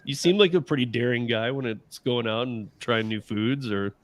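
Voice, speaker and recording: A man's voice: medium pitch, moderate pace. A man hosting a casual roundtable, loose and teasing, rambling through restarts as he talks. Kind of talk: casual panel chat.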